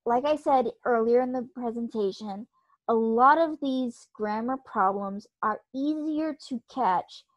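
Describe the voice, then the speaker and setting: Higher-voiced woman giving a lecture. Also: no echo, highs cut off. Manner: conversational, explaining with examples. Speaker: writing instructor. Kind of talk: recorded online lecture.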